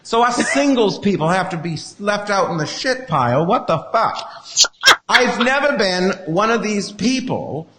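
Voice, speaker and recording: A man's voice: high-pitched, expressive, moderate pace, in a large hall, very noisy. A man hosting a casual podcast chat, ranting in a profane, sarcastic way. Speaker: host.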